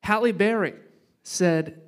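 High-voiced man preaching a casual sermon. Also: takes it slowly. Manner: conversational and joking, swinging between loud punchy lines and hushed reflective ones. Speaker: pastor.

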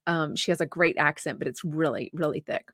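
A woman's voice: low voice, brisk, fairly bright tone, dry recording, clean studio sound. A woman co-hosting a show, chatting casually and rambling sympathetically as she reads viewer comments aloud. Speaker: co-host.

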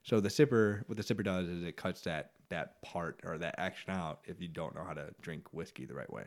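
A man's voice: sits low, fairly quick. A man chatting as a guest on a casual podcast, explaining things at length and laughing often. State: hard of hearing. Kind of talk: casual chat.

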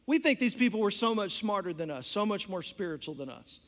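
High-voiced pastor preaching. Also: male voice, animated, a little fast, fairly bright tone. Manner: impassioned, storytelling, with conversational asides. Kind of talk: sermon. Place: church sanctuary. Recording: long church hall reverb.

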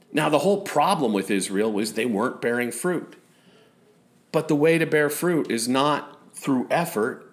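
A man preaching a sermon in a conversational way, with self-deprecating asides. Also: medium pitch. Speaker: pastor.

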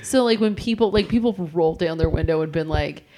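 A woman's voice: low voice, fast, mellow. A woman in casual conversation, telling chatty stories and acting out exchanges with strangers. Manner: chatty storyteller, acts out exchanges. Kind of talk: casual chat.

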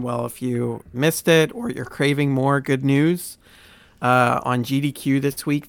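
A man's voice: mid-range voice, vocal fry, smooth, no room sound. A man co-hosting a casual gaming podcast, rambling a bit with many restarts and fillers. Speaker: podcast co-host.

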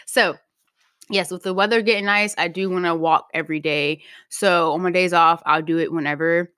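A woman's voice: on the low side, steady tone, normal speed, a bit bright, clear, resonant tone, no room sound. Chatty woman podcaster, dry close sound. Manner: chatty, laughs easily, lots of "like" and "um". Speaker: podcast host. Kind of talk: casual solo podcast chat.

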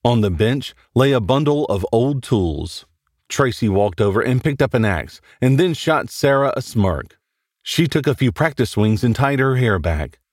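A man narrating a horror story in a measured storytelling delivery as the host of a story show. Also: mid-range voice, expressive, darkish tone, dry recording, clean studio sound.

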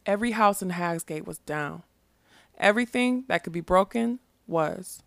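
A woman narrating a fantasy story in a steady, expressive reading. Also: medium pitch, moderate pace, gravelly, no room sound.

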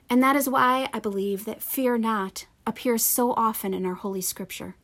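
Woman pastor preaching a sermon. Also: mid-range voice. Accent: Pennsylvania. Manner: measured, earnest preaching.

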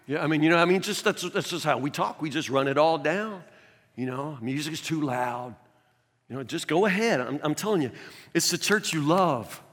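A man preaching a sermon as a pastor in a conversational, animated way, recorded in a church sanctuary. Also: fairly high pitch, moderate pace. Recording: long reverb of a large church hall.

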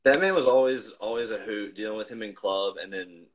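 A man's voice: lowish voice, fairly quick, very noisy. A man chatting casually over a video call, reminiscing in a rambling way and restarting his sentences often. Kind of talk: casual chat.

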